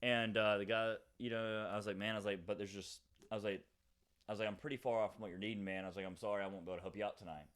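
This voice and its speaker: A man's voice: on the low side, steady tone, a bit bright. A young man, a podcast co-host, telling a rambling story in casual chat with lots of fillers. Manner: rambling, fast, many fillers and acted quotes.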